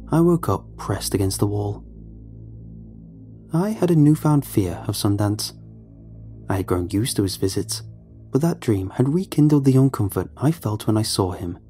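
A man narrating a scripted horror story in a measured, somber way. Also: fairly low pitch, mellow.

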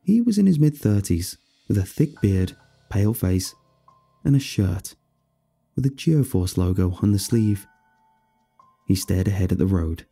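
Gravelly dark-voiced man narrating horror. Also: deep voice, measured pace, long pauses, soft background music. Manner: steady first-person storytelling. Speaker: storyteller.

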